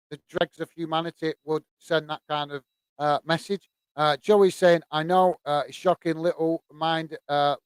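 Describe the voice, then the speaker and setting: A man from the UK hosting a football live stream, chatting casually and reading out viewer comments, with many pauses, fillers and restarts. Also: a little high, clear, resonant tone, no room sound. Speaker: host of a football channel.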